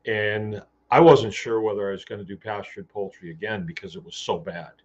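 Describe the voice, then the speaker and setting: A man with a lowish voice tells a long story in a casual, meandering way, full of restarts and ums. He is recorded outdoors on a farm, and the sound is dull and lo-fi. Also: steady tone, moderate pace. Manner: rambling, with many fillers and restarts, acting out quoted dialogue. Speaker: podcast host.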